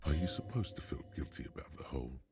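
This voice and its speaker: Very deep wry game narrator. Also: male voice, lively intonation, a little mellow, husky, heavily acted. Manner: wry, grandiose, measured.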